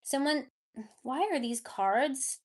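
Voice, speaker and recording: A woman's voice: high-pitched, animated, takes it slowly. A woman giving a live tarot reading, chatting casually with her viewers. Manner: baby talk to her cat. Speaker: tarot reader.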